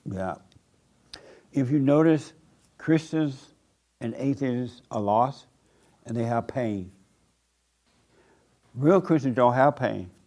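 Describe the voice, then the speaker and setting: A man's voice: medium pitch, expressive, takes it slowly, long pauses, mellow. A man preaching a sermon in a church room, blunt and repetitive, with rhetorical questions. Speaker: pastor.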